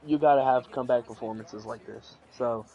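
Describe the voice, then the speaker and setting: A young man casually commentating a football video game, rambling with restarts and sudden excited bursts. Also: medium pitch, brisk, dull audio. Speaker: play-by-play commentator.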